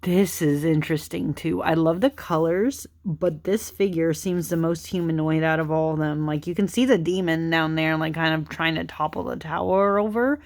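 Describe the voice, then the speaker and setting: A woman's voice: deep voice, fairly even intonation, normal speed, hardly any pauses. A young woman casually chatting through a deck of cards, rambling with lots of fillers, giggling, tired and yawning late at night. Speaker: tarot channel host. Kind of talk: casual chatty card flipthrough.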